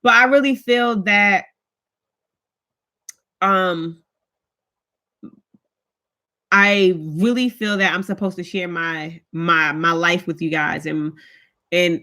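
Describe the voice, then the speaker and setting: A woman in her thirties chatting casually with her viewers as a vlogger, telling stories in an animated, colloquial way. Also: lowish voice, gravelly. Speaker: vlogger host.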